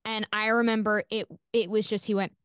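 Candid, smooth-voiced woman telling a story. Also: medium pitch, fairly quick, no echo, clean studio sound. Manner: candid, swears freely, many "like" fillers; animated, acts out quoted voices. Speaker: podcast guest. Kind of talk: casual interview storytelling.

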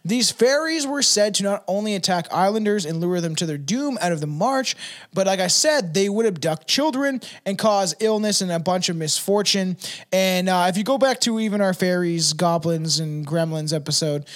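A man with a notably high voice trades stories on a podcast with a co-host. He laughs easily, swears freely and keeps the chat loose and animated. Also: moderate pace. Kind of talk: casual chat.

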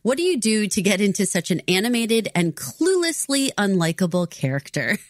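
A woman's voice: medium pitch, big pitch swings, normal speed, dry recording, studio quality. A woman co-hosting a podcast interview, chatty and giggly. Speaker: podcast co-host. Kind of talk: casual interview chat.

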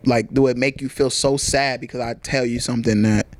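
A man chatting casually on a podcast, slangy and animated, acting out quotes as he tells stories. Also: medium pitch, brisk. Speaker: podcast host. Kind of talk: casual chat.

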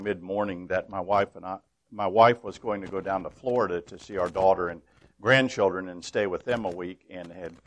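A man in his sixties, a guest preacher giving a humorous sermon to a congregation in the folksy, halting style of a storyteller. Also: lowish voice. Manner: folksy storyteller, many ums and restarts. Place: church with a full congregation.

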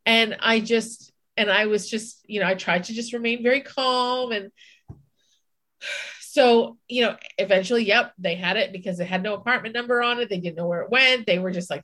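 A woman's voice: mid-range voice, normal speed, fairly bright tone. A woman co-hosting a podcast, telling a personal story in casual chat, candid, swearing and acting out her own inner voice. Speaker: podcast co-host.

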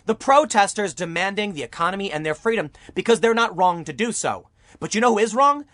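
A man's voice: high voice, animated, a little fast, a bit bright, no echo. A young man delivering an argumentative opinion monologue as a political commentary YouTuber, full of rhetorical questions.

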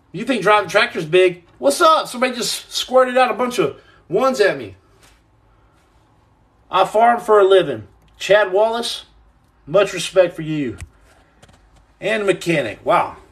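A man hosting a casual livestream podcast, reading viewer comments aloud with joking, rambling banter and playful nicknames. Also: sits high. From United States.

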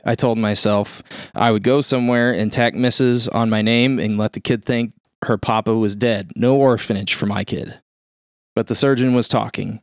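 A man reading a first-person story aloud in a steady, plain-spoken way. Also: medium pitch, moderate pace, dry recording, studio quality. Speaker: reader.

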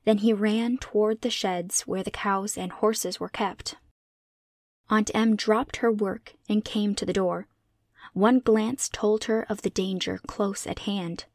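A woman reading a classic children's novel aloud as narrator, in a measured, clear delivery. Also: medium pitch, fairly even intonation, darkish tone, no echo, clean studio sound. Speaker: audiobook reader. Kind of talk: scripted storybook narration.

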